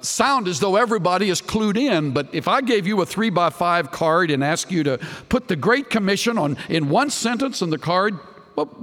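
With a fairly bright tone, a preacher delivers an earnest, searching sermon full of rhetorical questions, his voice sinking low on the tag questions. A long reverb tail trails his words.

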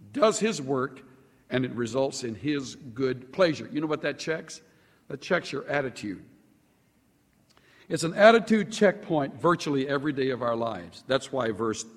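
A man preaching a sermon to a congregation, animated, stretching out key words for emphasis. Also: big-room sound. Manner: animated, sweeping pitch swings with slow drawn-out emphasis. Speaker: pastor.

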